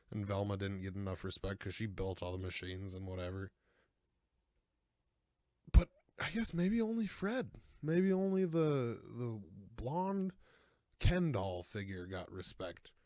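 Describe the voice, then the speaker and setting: Rambling young man with a low voice. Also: moderate pace, no room sound, studio quality. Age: 20s. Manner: rambling, joking, self-deprecating, many fillers. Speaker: podcast host. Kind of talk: casual comedic chat.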